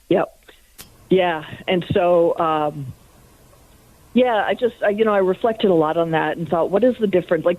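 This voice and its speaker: Earnest woman calling in by phone. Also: fairly low pitch. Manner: earnest, with frequent fillers and soft laughs. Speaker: radio show caller. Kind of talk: personal testimony. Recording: tinny phone line.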